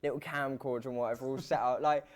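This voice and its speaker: A man's voice: medium pitch, fairly even intonation, fast talker. A young man from the UK, a presenter chatting casually with many restarts and laughs. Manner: rambling, restarts, laughs often. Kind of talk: casual chat.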